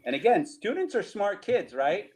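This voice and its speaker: Middle-aged man with a New Jersey accent, lively cranky storyteller, voice slightly high for a man. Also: moderate pace, low-quality recording. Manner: animated, laughing, repeats himself, rhetorical "right?". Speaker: storyteller guest. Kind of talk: casual storytelling over slides.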